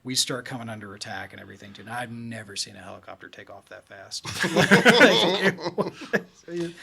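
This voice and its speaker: A man who is a retired army officer, guest on a podcast, telling a war story in casual talk. He rambles with lots of fillers and tags like "right?", and he jumps into high voices to act out other people. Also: quick pace, creaky, bright, forceful tone, slightly rough. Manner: loose, rambling phrasing with many fillers and tags like "right?" and "too".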